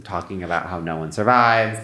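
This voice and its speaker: A man's voice: deep voice, fairly quick, sharp tone, reverberant. A man co-hosting a comedy podcast, telling a story casually with lots of filler words. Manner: rambling, full of "like" fillers. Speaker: podcast co-host.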